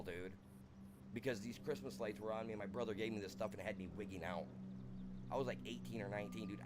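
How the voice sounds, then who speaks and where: A man's voice: on the low side, noisy background. A young American man streaming a farming game, rambling through a wild personal story and saying "dude" constantly.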